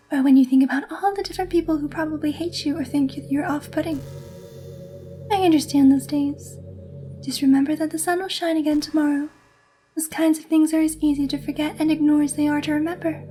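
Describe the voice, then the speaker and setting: A woman voicing a sweet, intense teenage girl who is a club president, reading game dialogue softly and affectionately. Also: high-pitched, lightly acted. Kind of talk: reading visual novel lines aloud.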